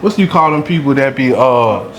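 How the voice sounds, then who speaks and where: A man's voice: mid-range voice, lively intonation, moderate pace. A rambling man, echoey room. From Durham, North Carolina. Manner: rambling, street slang, frequent "you know what I'm saying". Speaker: podcast guest. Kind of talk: casual storytelling. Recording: echoey room, faint background hum.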